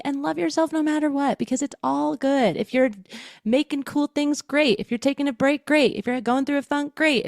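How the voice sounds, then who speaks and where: A woman guest on a podcast speaks earnestly and gives encouraging advice. She leans on repeated phrases. Her voice is a little higher than most women's, and the recording is dry and close. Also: dry recording. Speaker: podcast guest, voice teacher and choir director. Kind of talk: casual podcast conversation.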